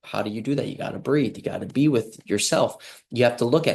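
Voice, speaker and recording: A man's voice: medium pitch, brisk, creaky, few pauses, a little mellow. A man speaking as a healing practitioner in a casual motivational monologue, earnest and rambling, with frequent restarts and lines he acts out himself.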